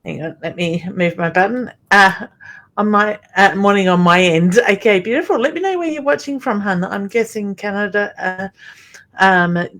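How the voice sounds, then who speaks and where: A woman's voice: medium pitch, moderate pace. A woman hosting a psychic medium live stream, feeling tired and under the weather, greeting viewers by name and reading their comments aloud. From Australia. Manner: warm greetings, calls viewers honey and gorgeous, reads comments aloud. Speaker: psychic medium livestream host.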